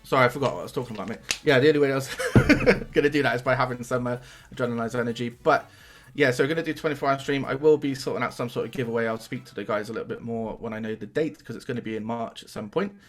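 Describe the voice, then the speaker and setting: A man's voice: medium pitch, very fast, hardly any pauses. A young man, chatting casually as a guest on a streaming podcast and swearing now and then.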